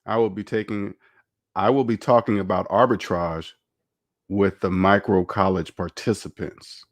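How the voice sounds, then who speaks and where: A man's voice: on the low side, fairly even intonation, unhurried, no echo. Rambling man hosting a money stream. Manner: candid, rambling, reads chat aloud. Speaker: finance livestream host. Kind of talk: casual livestream chat.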